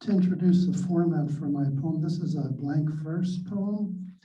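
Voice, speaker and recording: A man introducing himself and then reading his own blank verse poem slowly and carefully, recorded in a library. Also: a little high, mellow. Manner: slow, measured reading with small self-deprecating laughs. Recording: echoey and distant, dull sound.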